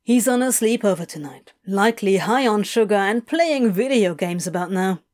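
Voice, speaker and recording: A woman's voice: mid-range voice, lively intonation, moderate pace, darkish tone, close to an everyday voice. A woman voicing an aloof, sardonic man who talks in a curt, drawling way. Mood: dry.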